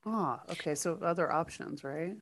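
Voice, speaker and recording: A woman's voice: low-pitched, moderate pace, dry recording. A woman co-hosting a casual chat, musing thoughtfully with hedged phrasing.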